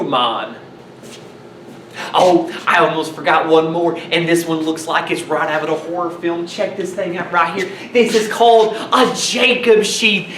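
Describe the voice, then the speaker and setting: Brief: man voicing an excitable nerdy field reporter, faint noise behind. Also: sits high. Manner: excitable, animated explainer. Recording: roomy, distant mic, faint noise.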